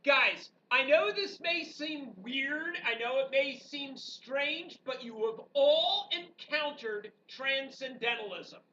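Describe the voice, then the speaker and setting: A woman history teacher giving an animated, joking classroom lecture full of rhetorical questions to her students. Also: high voice, slow pace, few pauses. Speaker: high school history teacher. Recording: dull, distant classroom recording with faint background noise.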